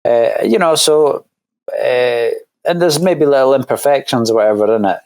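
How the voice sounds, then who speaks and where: A man's voice: mid-range voice, normal speed, a little mellow, no echo. A Scottish man, a guest musician, talking in a casual interview, hesitant and full of fillers and restarts. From Scotland.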